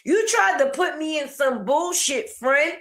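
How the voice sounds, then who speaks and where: A woman's voice: high-pitched, expressive, unhurried, a bit bright. A woman giving a sassy, slangy commentary rant, mocking and talking back to the person she discusses. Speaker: online commentator.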